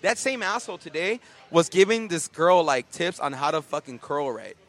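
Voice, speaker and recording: A man with a bright, sharp voice that swings widely in pitch, ranting with loose, profane energy. He keeps stumbling through fillers as he builds each complaint for laughs. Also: lively intonation, normal speed. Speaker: podcast co-host. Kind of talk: casual comedic rant.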